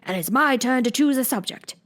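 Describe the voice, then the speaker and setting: A woman voicing a pompous, touchy egg man in a storybook reading, slow and haughty, lecturing as he talks. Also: on the high side, lively intonation, a bit bright, pitched above the performer's own voice.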